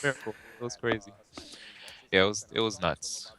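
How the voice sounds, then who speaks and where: This man co-hosts a gaming talk show, speaking at a moderate pace in a fairly low voice. In casual chat he spins lively stories, acting out what people said.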